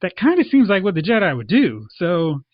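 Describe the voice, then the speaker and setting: A fairly high-voiced man in casual podcast chat, jumping into playful character bits as he talks. The sound is dry and a bit dull, like a lo-fi home recording. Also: no room sound. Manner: animated, acts out characters in quick asides. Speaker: podcast co-host. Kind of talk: casual movie review chat.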